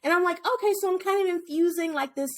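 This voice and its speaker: A woman yoga teacher chatting as a podcast guest, telling animated stories, acting out the children's voices and swearing freely. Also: quick pace. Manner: animated storytelling, acts out kids in high voices, swears freely. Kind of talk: casual podcast chat.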